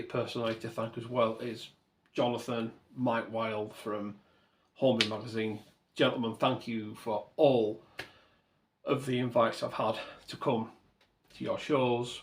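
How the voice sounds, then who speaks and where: A man hosting his own channel, talking earnestly and thankfully in a rambling way and often correcting himself mid-sentence. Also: medium pitch. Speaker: model railway channel host. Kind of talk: reflective to-camera vlog talk.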